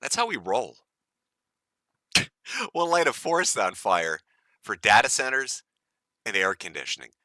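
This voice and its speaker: A man's voice: lowish voice, big pitch swings, a little slow, long pauses, pushed and bright, no echo, studio quality. A man from the United States hosting a live stream, ranting in a profane, mocking and gleeful way. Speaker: stream host.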